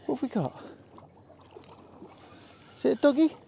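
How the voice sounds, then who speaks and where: A man's voice: very high voice, animated, unhurried, gravelly, warm tone, husky. A man with a Hampshire accent giving easygoing running commentary while fishing from a small boat, chatting to the fish and the viewer. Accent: Hampshire English. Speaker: angler vlogger.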